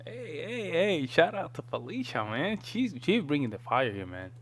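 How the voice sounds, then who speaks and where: A man's voice: fairly high pitch, big pitch swings, normal speed, a little hiss or hum. American guy doing a reaction vid, repeats the words to try them, easygoing. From United States. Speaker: reaction video host. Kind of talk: casual reaction commentary.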